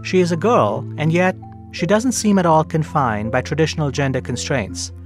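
A man hosting a radio feature, narrating a guest's story in a measured way and asking her questions. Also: on the high side, animated, soft background music. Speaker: radio show host and interviewer. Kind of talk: scripted narration with interview questions.

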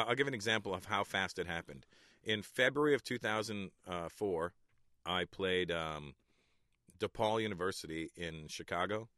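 Middle-aged male comic guest, lowish bright voice, dry close sound, easygoing anecdotes with chuckles. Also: dry recording. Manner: chuckles often, relaxed storytelling. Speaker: stand-up comedian, guest. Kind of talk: casual interview talk.

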